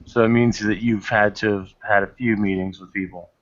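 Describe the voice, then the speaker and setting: A man's voice: on the low side, steady tone, fairly quick, over a noisy crowd. A man running a tabletop game as game master, describing scenes with a wry, dry manner. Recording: dull lo-fi recording, dry.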